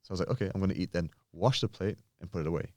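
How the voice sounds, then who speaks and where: A pro bodybuilder from England talks rapid-fire in a low, darkish voice as a podcast guest, with no echo on the recording. His conversation is casual but earnest, and he does impressions of people while relating personal anecdotes.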